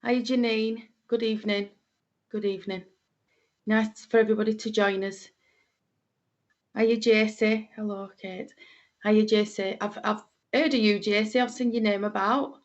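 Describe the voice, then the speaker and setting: A woman's voice: medium pitch, fairly even intonation, a little slow, highs cut off. A middle-aged woman with a Lancashire accent, a medium greeting viewers on a livestream in a homely, chatty way with plenty of fillers. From Lancashire, England.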